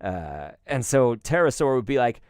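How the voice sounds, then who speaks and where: Rambling, lively-voiced male card-opening host. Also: mid-range voice, moderate pace, smooth, no room sound, studio quality. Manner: rambling and nostalgic, with many fillers and asides to viewers. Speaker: YouTube host opening collectible cards. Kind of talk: casual chat.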